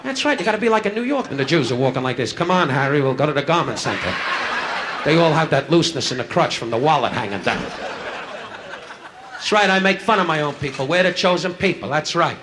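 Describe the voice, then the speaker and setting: A male stand-up comedian doing insult comedy, firing brash, rapid jabs at audience members from a nightclub stage. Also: fairly high pitch, big pitch swings. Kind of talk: insult comedy crowd work. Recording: live club recording, loud laughter, hiss.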